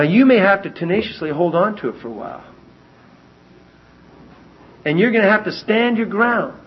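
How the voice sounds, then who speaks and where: A man preaching a sermon, telling stories with lively animation and repeating lines for emphasis. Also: a little high, slight background noise. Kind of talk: sermon with personal storytelling. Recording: dull lo-fi recording.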